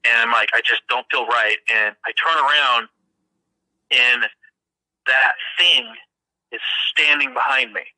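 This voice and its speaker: A man earnestly telling of a strange encounter in casual first-person storytelling, halting and repeating words as he goes. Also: medium pitch, pushed and bright, no room sound, poor audio. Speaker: witness recounting an encounter.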